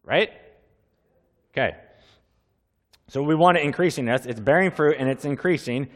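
A man's voice: on the high side, moderate pace, pauses often. A man preaching as a pastor, opening with a prayer and then teaching in an earnest, conversational way, with asides and repeated questions to the congregation. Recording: long hall reverb.

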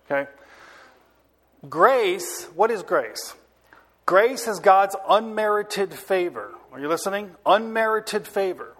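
A man delivers a sermon in a high, light voice at an unhurried pace. He stretches the important words and pauses often to ask whether the listeners are following him. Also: lively intonation, fairly bright tone. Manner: asks the audience if they are listening. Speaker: pastor.

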